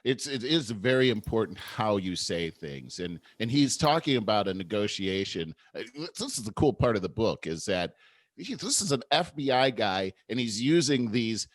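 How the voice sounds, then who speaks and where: A man's voice: fairly low pitch, sing-song, normal speed, dry recording, clean studio sound. A man in his fifties co-hosting a podcast, explaining ideas earnestly in casual conversation, often restarting sentences. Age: 50s. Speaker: podcast co-host.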